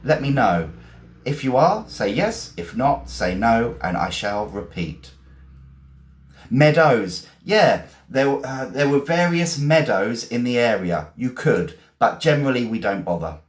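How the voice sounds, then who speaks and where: A man from England with an English accent, teaching vocabulary in a chatty, encouraging way, repeating and spelling words slowly. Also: medium pitch, sing-song, echoey room. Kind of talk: live-streamed vocabulary lesson.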